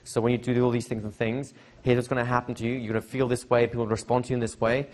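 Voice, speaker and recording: A man's voice: mid-range voice, level tone, very fast. A middle-aged man teaching hypnosis to a live seminar audience, chatty and repetitive, often checking in with questions. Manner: conversational, repeats phrases, asks the audience questions. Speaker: hypnosis trainer.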